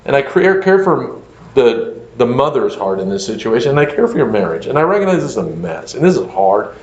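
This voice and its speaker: A man, a pastor, telling a story in a conversational lecture, animated and full of fillers like "like" and "you know". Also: mid-range voice, fairly quick. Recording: echoey room, dull lo-fi sound.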